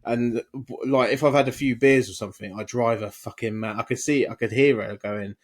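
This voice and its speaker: A man's voice: mid-range voice, fairly quick, few pauses. A man co-hosting a podcast, bantering in laid-back, sweary slang. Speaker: podcast co-host. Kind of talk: casual chat.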